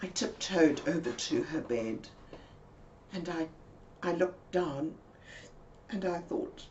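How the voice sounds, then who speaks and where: A woman telling an anecdote slowly and quietly, with dramatic pauses. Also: deep voice, lively intonation, lo-fi sound, slight background noise. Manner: slow and hushed, with dramatic pauses. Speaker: storyteller. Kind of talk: told anecdote.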